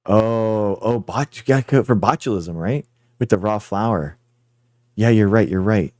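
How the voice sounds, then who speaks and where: A man hosts a livestream with a low, mellow voice, chatting loosely and rambling as he answers his viewers directly. The sound is dry and close, with no room echo. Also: a little slow. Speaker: livestream host. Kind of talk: casual livestream chat with viewers.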